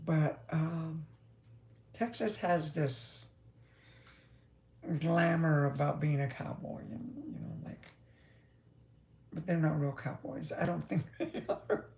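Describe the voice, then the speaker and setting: A woman's voice: low voice, slow pace, vocal fry, pauses often, a little mellow, roomy sound. A woman who drives a truck, chatting casually and rambling with frequent laughs. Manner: chatty, meandering, laughs often.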